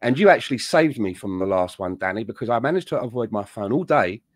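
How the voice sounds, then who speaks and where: A man's voice: on the low side, lively intonation, quick pace, dry recording. A man co-hosting a casual podcast, telling rambling, easygoing stories. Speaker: podcast co-host. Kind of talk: casual chat.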